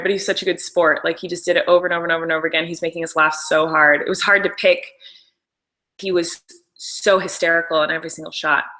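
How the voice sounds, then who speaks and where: A young woman talks casually through a live stream, piling up enthusiastic behind-the-scenes stories and quick apologies. Her voice is bright and forward. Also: lowish voice, low-quality recording. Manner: chatty, gushing, apologetic asides. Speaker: show creator and host.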